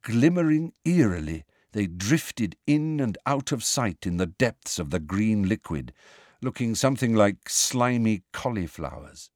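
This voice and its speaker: A man narrating an audiobook with an expressive, steady reading. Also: on the low side, a little slow, dry recording, studio quality.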